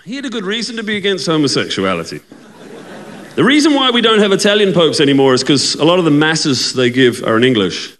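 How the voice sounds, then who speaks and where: A man's voice: fairly high pitch, very animated, fast talker, fairly bright tone. Teasing man doing stand-up comedy. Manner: chatty, teasing, asks the crowd for agreement.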